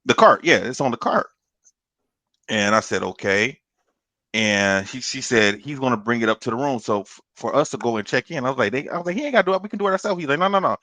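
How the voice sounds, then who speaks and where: A man on a podcast telling a long story in a casual, animated way, swearing and laughing as he goes. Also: mid-range voice, fairly quick, no room sound. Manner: animated, profane, laughs through his story. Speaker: podcast co-host.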